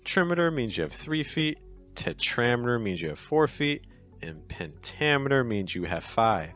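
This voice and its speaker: A man explaining poetic meter in a chatty, encouraging video lesson, acting out the stresses with exaggerated rises and falls in pitch. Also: very animated, normal speed, a bit bright, soft background music. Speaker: poetry teacher.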